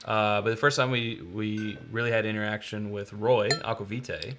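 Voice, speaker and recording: A man's voice: lowish voice, steady tone, normal speed, background noise. A man co-hosting a live whiskey show, rambling and joking, with lots of restarts and filler words. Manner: rambling, full of restarts and uh's, jokey. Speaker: co-host of a bourbon show. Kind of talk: casual live-stream chat.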